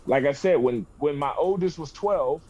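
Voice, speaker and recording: A middle-aged man on a podcast, talking bluntly and with plenty of swearing. His voice sits a little high, and he tells his stories in a loose, casual way. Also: normal speed, darkish tone, lo-fi sound. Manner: blunt, profane storytelling. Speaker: podcast co-host. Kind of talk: casual chat.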